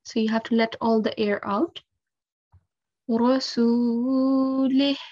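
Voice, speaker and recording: A woman's voice: on the high side, level tone, brisk, a little mellow, dry recording, highs cut off. A woman teaching recitation rules, explaining each step patiently and carefully with frequent 'um' and 'okay'. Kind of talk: instructional lesson.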